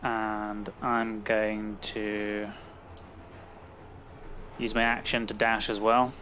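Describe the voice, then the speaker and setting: Guy player at a tabletop game, calm and plain, faint hiss behind. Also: lowish voice, drawn-out words. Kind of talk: casual tabletop play.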